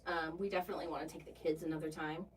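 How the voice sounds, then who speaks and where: A woman's voice: low-pitched, steady tone, racing, crowd noise. A woman co-hosting a casual travel chat at home, chatty and teasing, with lots of fillers. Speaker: podcast co-host. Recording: distant mic with faint noise.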